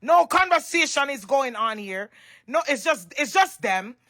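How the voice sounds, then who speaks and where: A woman's voice: high-pitched, expressive, measured pace, pushed and bright. A Jamaican woman in an emotional, crying rant on a livestream, emphatic and repetitive, raising her voice at times. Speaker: social media personality.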